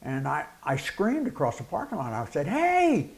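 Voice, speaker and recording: A man's voice: mid-range voice, brisk, gravelly. A middle-aged man, a preacher and former wrestler telling a story as a guest in an interview, acting out the quotes. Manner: animated anecdote with acted-out quotes and laughter.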